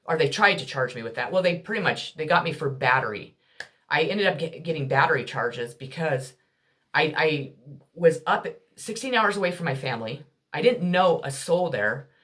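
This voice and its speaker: A woman's voice: sits low, lively intonation, moderate pace, fairly bright tone. A woman speaks to the camera in an unscripted, candid monologue. She talks raw and blunt, swearing freely as she vents hurt and anger. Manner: raw, profane, emotional storytelling. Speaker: vlogger telling her life story.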